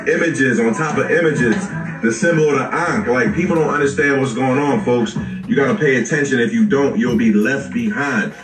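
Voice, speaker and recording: A man's voice: medium pitch, normal speed, far from the mic, music in the background. Lecturing man in a roomy echo. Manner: lecturing, urges listeners to understand. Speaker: co-host. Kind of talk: casual spiritual talk.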